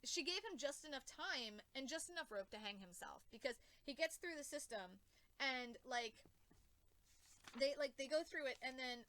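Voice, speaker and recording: A woman with a high, bright voice talks through comics in a loose, rambling way. She is excitable and swears freely as she reviews. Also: moderate pace. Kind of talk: casual rambling commentary.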